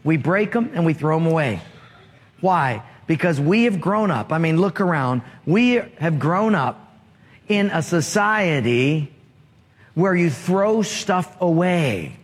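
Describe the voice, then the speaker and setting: A male pastor delivers a sermon in a high, light voice, taking his time with each phrase. He mixes humor and storytelling with his message. The sound carries a long reverb from a large hall. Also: lively intonation, takes it slowly.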